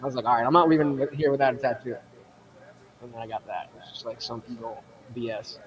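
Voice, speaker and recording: A man's voice: mid-range voice, steady tone, fast talker. A man on a live stream who rambles through stories, full of "uh" and "like". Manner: rambling storyteller, heavy on "uh" and "like". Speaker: guest. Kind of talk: casual chat on a live stream.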